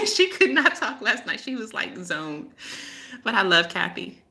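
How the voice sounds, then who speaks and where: A woman's voice: medium pitch, big pitch swings, measured pace, bright, forceful tone. A woman hosting a casual live-stream chat as a spiritual healer, rambling and laughing often as she tells stories.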